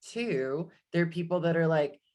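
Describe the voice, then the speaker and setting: A woman with a deep voice hosts a casual podcast chat. She speaks earnestly and thoughtfully, leaning on her important words. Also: normal speed, darkish tone. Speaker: podcast host. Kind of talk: casual conversation.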